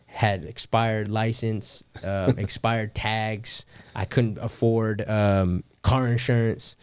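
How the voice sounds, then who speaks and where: A man's voice: fairly low pitch, darkish tone, clear, resonant tone, dry recording. A young man from California, a podcast guest, telling his story in slangy, casual talk with swearing and bursts of laughter. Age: young adult. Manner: slangy, swears, laughs often, quotes people.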